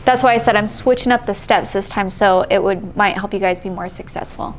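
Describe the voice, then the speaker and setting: A woman's voice: medium pitch, a little fast. A woman teaching a live watercolor painting class, explaining steps patiently and laughing often. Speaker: art instructor.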